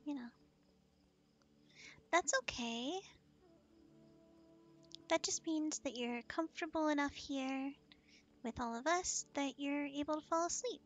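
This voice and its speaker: A woman's voice: high-pitched, measured pace, pauses often. A woman from the United States hosting a casual gaming stream, giggling often and teasing playfully. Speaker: streamer host.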